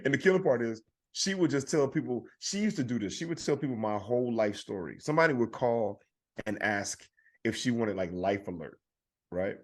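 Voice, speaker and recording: A man's voice: medium pitch, expressive, brisk. A man casually telling stories on a podcast, laughing and acting out phone calls. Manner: laughing, storytelling, acts out calls. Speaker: podcast co-host. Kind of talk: casual chat.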